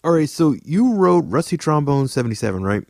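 A man's voice: a little high, very animated, a little fast, creaky, darkish tone, no room sound, studio quality. A man interviewing a guest in a casual, laid-back way with short reactions. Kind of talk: casual chat.

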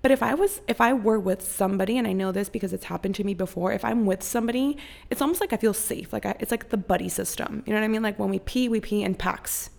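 A woman's voice: medium pitch, fast, creaky. A young woman hosting a podcast, telling a story in casual chat, swearing freely and acting out other people's voices. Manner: profane and animated, acts out others' voices. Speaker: podcast host.

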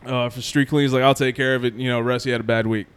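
A man's voice: medium pitch, fast, clean tone. A young man casually telling a long story to friends, acting out what others said. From New Jersey. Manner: animated storyteller, acts out quotes, laughs often.

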